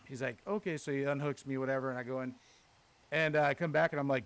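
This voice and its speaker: A man with a slightly high voice tells a story on a podcast, loose and chatty. He curses often and acts out each exchange in quoted dialogue, jumping between his own lines and the other people's. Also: fast talker. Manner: animated, profane, retells with quoted dialogue. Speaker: podcast host. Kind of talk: casual storytelling chat.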